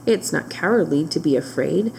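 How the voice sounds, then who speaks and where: A woman's voice: low voice, animated, normal speed, creaky, a little mellow, a little hiss or hum, voice pushed down. Woman doing a trembling old wizard. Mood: gentle. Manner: shaky, trembling voice. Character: trembling, fussy old bald wizard man.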